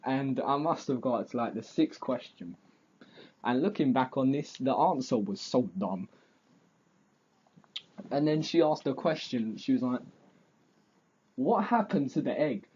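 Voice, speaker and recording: A man's voice: medium pitch, measured pace, long pauses, darkish tone, dull audio, a little hiss or hum. A teenage boy telling a rambling, self-mocking story for his vlog, full of fillers. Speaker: vlogger.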